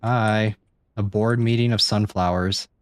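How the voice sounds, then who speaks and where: A man streaming a horror game live, reacting out loud, swearing and chatting to viewers. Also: on the low side, steady tone, a little slow, clean tone, no echo. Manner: jumpy, swears often, chats to viewers. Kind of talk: live gameplay commentary.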